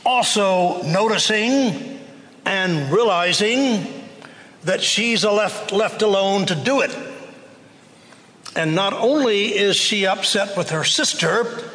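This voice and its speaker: A man preaching a sermon, telling the story in a slow, conversational way. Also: sits high, expressive, a bit bright, big-room sound.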